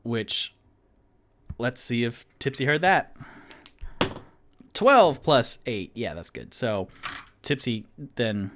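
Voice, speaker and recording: A man's voice: medium pitch, big pitch swings, takes it slowly, long pauses, noisy background. A man narrating a solo tabletop game as game master, casual and rambling, with many fillers.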